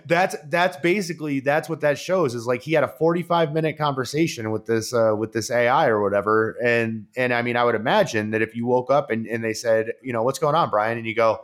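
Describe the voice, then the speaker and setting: Rambling, excitable man hosting a podcast. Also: mid-range voice, fairly quick, few pauses. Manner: rambling and excitable, many fillers, swears. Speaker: podcast host. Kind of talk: casual podcast chat.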